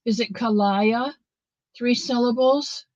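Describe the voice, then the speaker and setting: Slow, chatty woman livestream host. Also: fairly high pitch, darkish tone, no echo, muffled recording. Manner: rambling, chatty, many fillers, greets viewers by name. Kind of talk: casual livestream chat.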